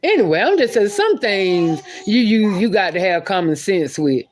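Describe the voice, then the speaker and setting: Woman vlogger, casual storytelling, rambling and chatty, laughs along, middle pitch, faint hiss behind. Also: big pitch swings, moderate pace, a little mellow. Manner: rambling, restarts sentences often. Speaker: YouTube commentator.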